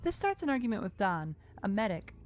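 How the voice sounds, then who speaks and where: Calm woman narrating a video essay. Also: mid-range voice, soft background music. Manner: measured, calm storytelling delivery. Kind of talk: scripted narration.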